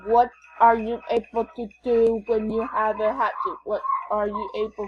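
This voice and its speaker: A woman's voice: fairly high pitch, little pitch movement, normal speed, dull audio, a little hiss or hum. A woman gamer giving casual, playful commentary as she plays, chatting and thinking aloud. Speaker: gamer vlogger.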